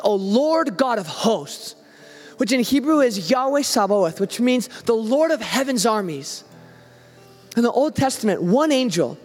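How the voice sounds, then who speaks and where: A man's voice: very high-pitched, in a large hall. A man who is a youth pastor, preaching a conversational sermon and acting out the prayers and voices he quotes.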